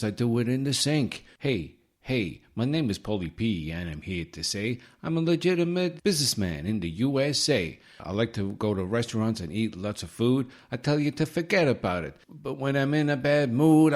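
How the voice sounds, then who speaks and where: A man putting on a loud Italian-American gangster rapper. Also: medium pitch, pitched above the performer's own voice, natural voice. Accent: put-on Italian-American. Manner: boastful, rhyming, blustering tough-guy bravado.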